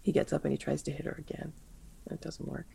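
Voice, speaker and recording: A player describing a character's actions in a tabletop game, in halting speech with restarts. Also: medium pitch, level tone, gravelly, mellow, a little hiss or hum. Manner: halting, restarts mid-sentence.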